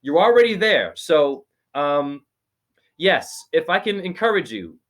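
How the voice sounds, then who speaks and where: Over a video call, a somewhat high-voiced man speaking as a spiritual teacher gives a name reading at an unhurried pace. He is preachy and rambling, and his voice leaps up in sudden excited exclamations.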